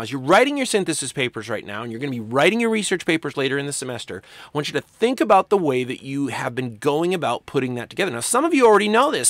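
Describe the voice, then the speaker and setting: A man teaching a college writing class in a recorded lecture, conversational and animated, acting out quoted lines along the way. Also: mid-range voice, no room sound.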